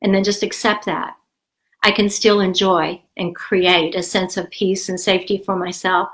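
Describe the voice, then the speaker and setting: A woman's voice: mid-range voice, fairly even intonation, normal speed, low-quality recording. An older woman with a cold, talking candidly and encouragingly in a rambling, casual way as a health vlogger. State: has a cold, coughing. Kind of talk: casual talk to camera.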